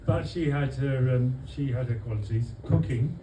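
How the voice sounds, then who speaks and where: A man from London giving a humorous birthday speech for his wife to friends at a restaurant, with dry comic timing and many pauses. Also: mid-range voice, background noise. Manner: deadpan comic timing, halting with fillers. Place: restaurant dining room with guests. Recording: echoey room, voice from far off. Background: guests laughing.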